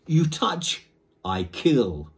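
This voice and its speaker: A man reading aloud and voicing a tiny, fierce warrior toy that speaks slowly in short, grunted words. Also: sits low, huge pitch swings, gravelly, a little mellow, full character voice. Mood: threatening. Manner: slow, clipped, grunting.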